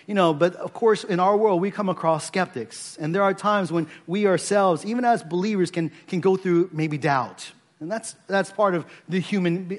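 A man preaching on an Easter morning as pastor, chatty with many asides and leading his church in call-and-response. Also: a little high. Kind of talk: Easter sermon.

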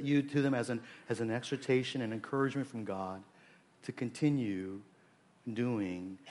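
Male pastor, 40s, earnest sermon delivery, halting with frequent restarts. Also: mid-range voice, darkish tone. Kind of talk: prayer and sermon.

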